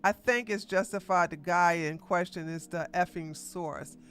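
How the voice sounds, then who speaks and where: Bright, blunt drama commentator. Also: medium pitch, a little slow, faint music behind. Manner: blunt, sassy trash-talk; talks straight at the people discussed. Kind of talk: casual live-stream commentary.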